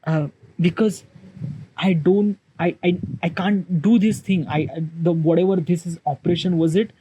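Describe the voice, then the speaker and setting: A man casually telling a personal story in halting speech, full of restarts and fillers. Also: sits high, fairly even intonation, rough recording. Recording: loud background noise.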